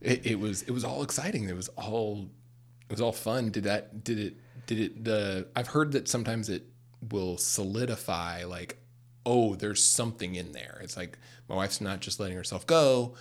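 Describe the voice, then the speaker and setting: A man with a fairly low voice chats casually, recalling his own early days as a father. He talks haltingly and restarts phrases as he gathers his thoughts. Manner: reminiscing, halting with repeated restarts. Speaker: co-host, experienced father. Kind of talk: casual chat.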